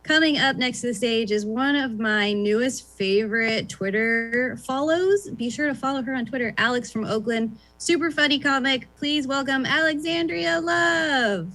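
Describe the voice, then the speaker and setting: A woman hosts a comedy show in a bright, upbeat voice pitched a little high. She reads off plugs quickly and then calls out the next comic with extra lift. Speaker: show host. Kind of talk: introducing comedians.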